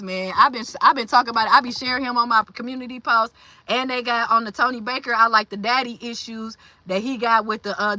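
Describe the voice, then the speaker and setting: A woman in her forties chats on her livestream in a loose, slangy way, full of fillers, and reads out viewer comments as she goes. Her voice sits high and sounds bright and sharp. The recording is close and dry. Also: no echo. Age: 40s. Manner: chatty, reads and answers viewer comments aloud. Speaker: livestream host. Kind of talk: casual livestream chat.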